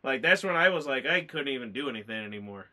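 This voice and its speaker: A man's voice: mid-range voice, animated, quick pace, pushed and bright. A man chatting casually as a movie reviewer, rambling and emotional, choked up and tearful as he talks. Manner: rambling, emotional, lots of fillers. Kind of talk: casual chat.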